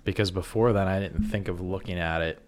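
A man with a fairly low voice co-hosts a podcast in relaxed, casual chat. He fills his pauses with frequent ums. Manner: relaxed and chatty, with many ums. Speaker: podcast co-host.

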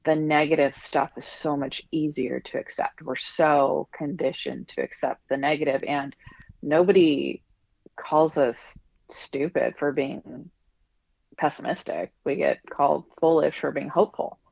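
Man, podcast guest, gravelly voice, slightly dull lo-fi sound, frank and reflective. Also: fairly high pitch, fairly even intonation, a little slow, darkish tone, no echo. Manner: reflective, speaks frankly with some swearing. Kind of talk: casual podcast conversation.

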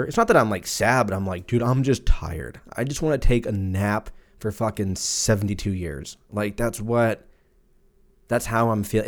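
Animated profane man in his thirties. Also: on the low side. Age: 30s. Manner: profane, rambling, jokey, puts on silly voices for quotes. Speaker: podcast host. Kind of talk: casual solo podcast rant.

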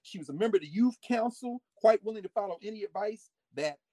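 A man giving a lively history lecture with folksy asides, swinging his volume up and down. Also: high-pitched, fast talker, dry recording. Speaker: history teacher. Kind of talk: lively history lecture with read-aloud quotes.

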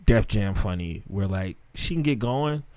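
A man telling animated stories in casual podcast chat, swearing freely. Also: fairly low pitch, a little slow, dry recording.

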